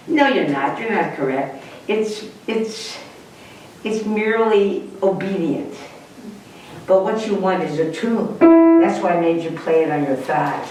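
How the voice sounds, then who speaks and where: An older woman giving a piano masterclass, coaching a student and telling lively stories. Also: lowish voice, unhurried, a little hiss or hum. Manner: animated storyteller, coaching directly. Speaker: piano teacher. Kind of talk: masterclass teaching. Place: large hall with piano. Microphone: distant room mic. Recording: echoey hall from far off. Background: piano playing.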